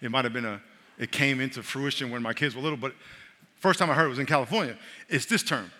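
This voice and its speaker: A middle-aged male pastor preaching a sermon, animated and repetitive, often checking that his congregation is following along. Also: mid-range voice, quick pace. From New York. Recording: long reverb of a large hall.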